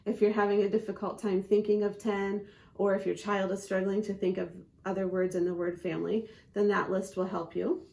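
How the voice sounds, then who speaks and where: A woman's voice: medium pitch, darkish tone. Patient woman teaching spelling. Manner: patient, methodical, sounds out letters and syllables slowly. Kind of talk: instructional video for parents.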